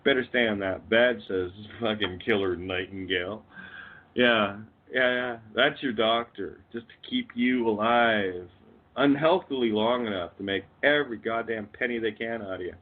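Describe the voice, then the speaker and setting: A Canadian man calls into a radio show as a guest, his lowish voice moving at a normal speed through a rambling, profane rant punctuated by swearing and bursts of laughter. The call-line audio sounds tinny.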